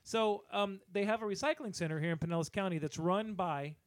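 A man co-hosting a podcast, telling a profane, animated story in a casual rant and voicing the people in it. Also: high voice, brisk, no room sound. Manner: animated, profane, acts out other people's lines. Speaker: podcast co-host.

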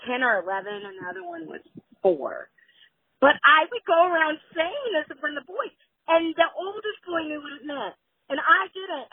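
A woman's voice: high voice, slightly rough, dry recording. A woman in her forties leaving a rambling, laughing voicemail for a podcast hotline. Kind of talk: voicemail message. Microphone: phone. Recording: tinny phone line.

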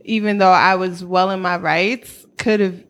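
A woman's voice: on the low side, fairly even intonation, measured pace. A woman in her thirties with a New York accent, telling her story as a guest in a casual interview, candid and slangy, laughing often.

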